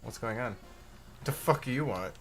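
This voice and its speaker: A man's voice: mid-range voice, normal speed. A man streaming a game and chatting on voice chat, joking crudely and sarcastically. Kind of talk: casual gaming stream chat.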